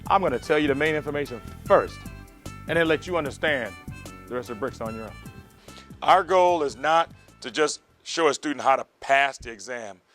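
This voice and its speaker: A man teaching medical exam material and describing his prep program, animated and vivid, acting out heart sounds. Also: medium pitch, dry recording. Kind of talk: lecturing and promotional interview.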